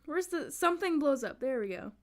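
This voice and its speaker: A young woman commenting excitedly while playing a video game, exclaiming and laughing often. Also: sits high, brisk. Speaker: gaming streamer. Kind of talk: let's play commentary.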